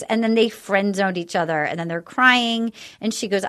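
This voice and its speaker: A woman hosting a casual podcast chat, recapping a show and acting out quotes with animated voices. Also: fairly high pitch, measured pace, hardly any pauses. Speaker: podcast host.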